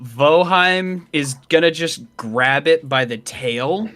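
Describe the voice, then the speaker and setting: A man playing a tabletop game who describes his character's moves in an excited, rambling way. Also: on the high side, slow. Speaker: player. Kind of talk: casual tabletop play.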